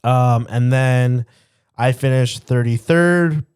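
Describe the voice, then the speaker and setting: A man's voice: mid-range voice, slow pace, a little mellow, clear, resonant tone. Man with a nasal cold voice. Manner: laughs while telling stories. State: sick with a cough and stuffy nose. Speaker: podcast co-host. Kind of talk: casual chat.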